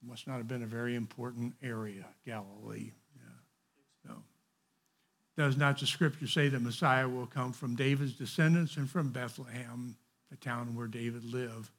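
Gravelly, husky man teaching Bible study. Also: medium pitch, fairly even intonation, moderate pace, fairly bright tone. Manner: digressive, conversational commentary on a text.

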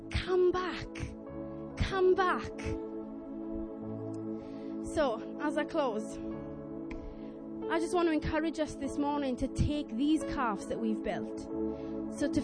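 A young woman preaching a sermon, telling a story in a chatty, earnest, animated way and acting out voices. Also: sits high. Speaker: lay preacher.

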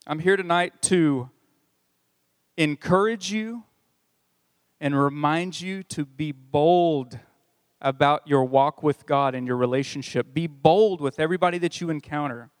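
A man's voice: a little high, measured pace, pauses often, no echo. A man preaching a sermon as pastor, reading scripture with a conversational manner and joking asides. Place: church.

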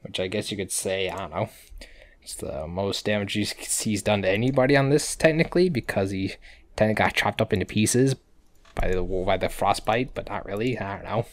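A man's voice: on the low side, moderate pace. A man co-hosting a podcast, telling the plot in a rambling, profane, casual way. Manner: rambling, profane play-by-play retelling. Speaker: podcast co-host recapping episodes. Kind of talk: casual chat.

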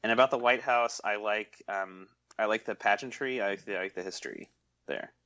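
A man's voice: lowish voice, brisk, sharp tone, lo-fi sound. A man co-hosting a movie podcast, rambling and sarcastic, with many restarts. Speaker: podcast co-host. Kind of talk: casual movie podcast chat.

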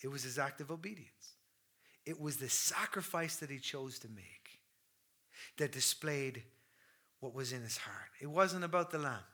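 A man in his thirties preaching a sermon with passion, swinging from loud declarations to hushed near-whispers. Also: mid-range voice, lively intonation, moderate pace.

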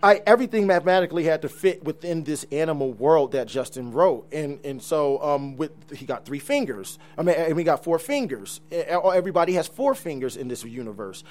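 Casual guest: a New Jersey man in his own voice, a bit high, lively and laughing. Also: brisk, hardly any pauses. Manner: animated, laughing, trails off quietly. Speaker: comic book artist. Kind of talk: casual chat.

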